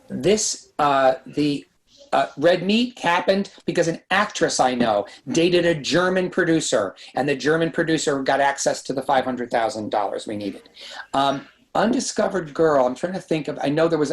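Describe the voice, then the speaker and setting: A man talking as a guest in a casual podcast interview, telling quick, lively anecdotes about making films. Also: fairly high pitch, rough recording. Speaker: guest screenwriter and director. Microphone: podcast microphone.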